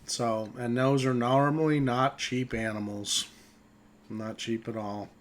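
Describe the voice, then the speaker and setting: Running a tabletop RPG, this game master calmly narrates the action and reads out rules, chuckling frequently. His pitch is medium and his pace slow.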